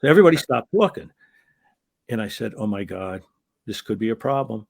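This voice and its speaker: With a lowish, creaky voice and a brisk pace, this older ex-wrestling referee rambles through anecdotes as an interview guest, restarting sentences often and perking up when he lands a punchline. The sound is clean studio audio without echo, in a casual storytelling interview.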